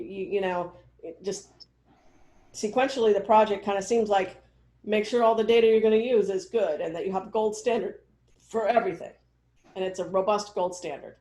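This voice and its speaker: A woman's voice: mid-range voice, a little mellow, a little hiss or hum. Rambling woman with an echoey call sound. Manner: rambling, filler-heavy, checks in often. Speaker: research mentor. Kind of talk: casual meeting feedback.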